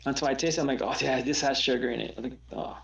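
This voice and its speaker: A man's voice: medium pitch, steady tone, rapid-fire, creaky, echoey room. A man chatting casually as co-host, laid-back, often repeating himself. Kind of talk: casual chat.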